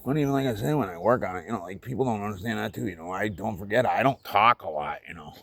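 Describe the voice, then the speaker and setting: Gravelly low-voiced man rambling outdoors. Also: quick pace, fairly bright tone, no echo. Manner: rambling, self-deprecating, drifts into whispers. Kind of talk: confessional vlog monologue.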